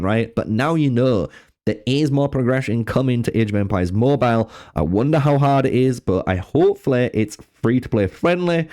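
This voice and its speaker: A man's voice: medium pitch, mellow. A man giving casual game news commentary, chatty and full of fillers, talking to his viewers while he has the hiccups. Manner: chatty, filler-heavy, addresses viewers as guys. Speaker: gaming YouTuber.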